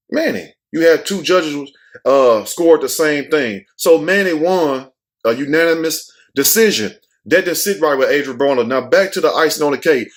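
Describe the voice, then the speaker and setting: A man hosting his own show, giving blunt, casual commentary, swearing freely and acting out what others said. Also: on the high side. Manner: blunt, animated, swears freely, acts out quotes. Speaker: host.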